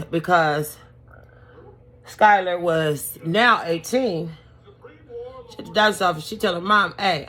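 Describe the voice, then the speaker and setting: A woman's voice: low voice, a bit bright, a little hiss or hum. A woman beauty vlogger telling a story in a casual, chatty, sassy and colloquial way while she does her makeup.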